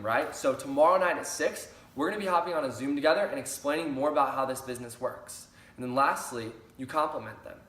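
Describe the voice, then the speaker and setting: A man's voice: medium pitch, fairly bright tone. A young man giving an upbeat sales training talk, repeating key phrases for emphasis. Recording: roomy echo.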